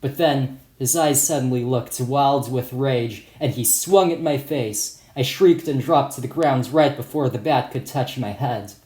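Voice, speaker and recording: A man's voice: mid-range voice, a little slow, hardly any pauses, warm tone. Man narrating in a roomy room. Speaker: author and narrator. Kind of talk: first-person audiobook narration. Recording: roomy echo.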